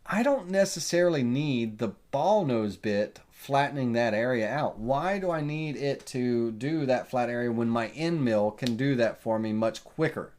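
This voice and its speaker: A man giving a relaxed live woodworking software tutorial, answering viewer questions with lots of fillers. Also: medium pitch, normal speed, hardly any pauses. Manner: casual, folksy, lots of uh and um fillers. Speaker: CNC woodworking instructor.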